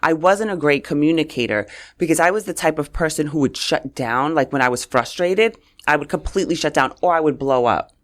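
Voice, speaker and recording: A woman's voice: low voice, fairly quick, hardly any pauses. A middle-aged woman from New York, a communications coach, chatting as a guest and telling stories animatedly. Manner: animated storyteller, acts out quotes. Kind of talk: casual interview chat.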